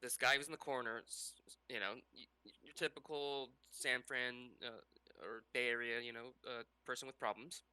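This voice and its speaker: A man's voice: medium pitch, steady tone, normal speed, pushed and bright, smooth, no room sound. A man co-hosting a podcast in casual chat, rambling with laughs and restarts. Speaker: podcast co-host.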